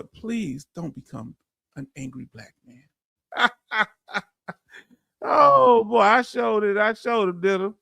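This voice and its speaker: A man with a Texan accent hosting a live stream, emphatic and animated, reading out chat comments and laughing often. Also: high-pitched, slow, vocal fry, long pauses, no echo, clean studio sound. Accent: Texan English. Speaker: veteran live-stream host.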